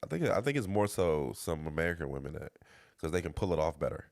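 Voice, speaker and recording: A young comedian with a very deep voice that swings wildly up and down as he jokes. He keeps launching into squeaky put-on voices mid-story. The sound is close and dry. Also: big pitch swings, fast, gravelly, a little mellow, no room sound. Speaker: podcast co-host, comedian. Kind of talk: casual comedic chat.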